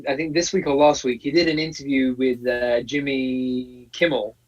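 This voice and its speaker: A man co-hosting a casual live-stream chat, gushing and excitable, tripping over and repeating his words. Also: medium pitch, normal speed. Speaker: co-host. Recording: distant, muffled call audio.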